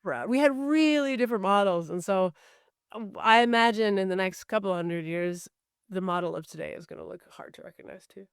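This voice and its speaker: Middle-aged woman podcast guest, articulate and reflective, smooth resonant voice, dry close mic. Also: medium pitch, brisk, no echo. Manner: thoughtful, articulate, laughs easily. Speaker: guest, recording artist. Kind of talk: podcast interview conversation.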